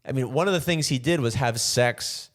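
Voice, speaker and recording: A man in his own podcast, riffing on a bit and breaking into quick character voices. His pitch sits in a plain middle range for a man, and he talks in a loose, joking way. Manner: animated, jokey, acts out bits in other voices. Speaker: comedian podcast host. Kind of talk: casual comedic riffing. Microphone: camera mic without a boom arm.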